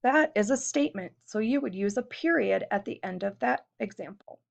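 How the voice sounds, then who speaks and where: A woman's voice: mid-range voice, lively intonation, normal speed, gravelly. A woman teacher giving a recorded classroom lesson, explaining patiently step by step and posing questions to her students. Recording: dull lo-fi recording.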